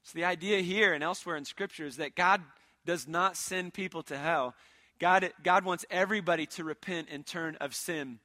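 A young man preaches a sermon in a bright, forceful voice that sits fairly high. He talks earnestly, stumbles over and repeats words, and pushes up to loud, emphatic stretches. The sound is dry and close to the mic. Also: moderate pace, dry recording.

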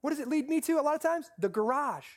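Pastor preaching, repeats lines over and over, slows way down on the big points, asks the crowd stuff. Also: high voice, animated. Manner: preaching with repeated phrases and slow, stressed lines; talks directly to the congregation, asking questions. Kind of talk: sermon.

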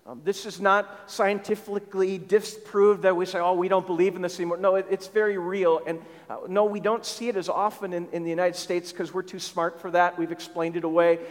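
High-pitched guy preaching a sermon, repeats stuff for emphasis, long echo like a big church. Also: level tone, normal speed, few pauses. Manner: repeats words for emphasis, rising when quoting. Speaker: pastor. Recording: long reverb of a large hall.

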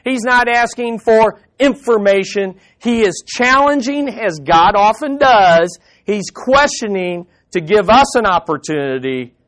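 High-voiced man preaching emphatically. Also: a bit bright. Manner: emphatic, with rhetorical questions to the audience. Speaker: pastor. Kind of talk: sermon.

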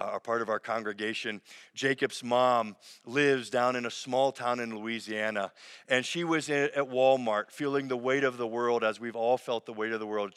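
Pastor, male, mid-pitched, earnest sermon delivery with soft slow emphasis, big reverberant hall. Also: clear, resonant tone. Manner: earnest preaching, dropping soft and slow on key phrases. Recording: long reverb of a large hall.

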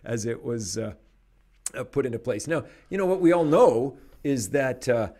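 A man hosting a podcast, speaking in an animated, emphatic way and laughing between points. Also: mid-range voice, normal speed. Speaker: podcast host. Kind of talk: conversational commentary.

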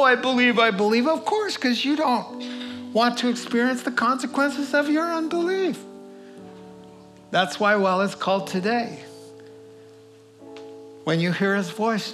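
A male pastor giving a sermon in a conversational, folksy way with many asides. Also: high-pitched. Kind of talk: sermon with personal story.

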